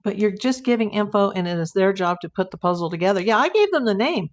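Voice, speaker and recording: A woman's voice: medium pitch, expressive, fast talker. A woman, a private investigator, hosting a casual live stream from home and chatting as she answers viewer comments aloud.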